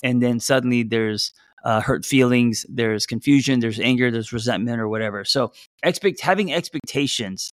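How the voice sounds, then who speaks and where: A middle-aged man talks through relationship advice in a loose, unscripted way. He stumbles, restarts and jokes at his own expense. His voice sits at a middle pitch and sounds close and dry. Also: normal speed, no echo. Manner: loose and conversational, many fillers and restarts, reading out audience replies. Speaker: podcast host. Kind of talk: casual relationship advice talk.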